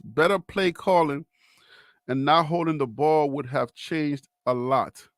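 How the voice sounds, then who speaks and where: A man's voice: a little high, measured pace, no room sound. Man, from brooklyn, live stream host, argumentative, dry close mic. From Brooklyn, New York. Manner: argumentative, rebutting viewers. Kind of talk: casual live chat reading comments.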